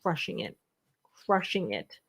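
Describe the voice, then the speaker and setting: A woman's voice: lowish voice, big pitch swings, unhurried, husky. Brash woman teasing her co-host. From Long Island, New York. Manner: brash, teasing, swears freely. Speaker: co-host of a livestream show. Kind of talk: casual livestream banter.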